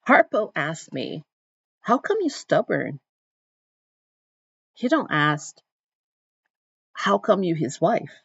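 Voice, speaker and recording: A woman reading aloud as Celie, a quiet and enduring young woman, telling her own story in the first person on a dull, dry recording. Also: on the low side, big pitch swings, slow, vocal fry, long pauses, slightly rough, no echo, full character voice.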